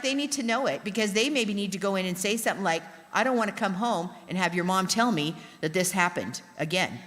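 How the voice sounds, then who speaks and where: A middle-aged woman, a pastor's wife, telling candid family stories to a congregation in a chatty, animated way. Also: fairly low pitch. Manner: chatty, animated, acts out her own reactions. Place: church sanctuary. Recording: long hall reverb.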